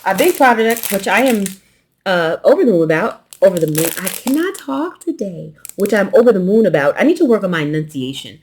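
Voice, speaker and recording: A woman's voice: mid-range voice, fast talker, slight background noise. Lady w a slight southern accent just chatting thru her quilt box, rambly, kinda swallows her words. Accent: light Southern US. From New York. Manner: relaxed, rambling, swallows consonants. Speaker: quilting channel host. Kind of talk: casual unboxing chat.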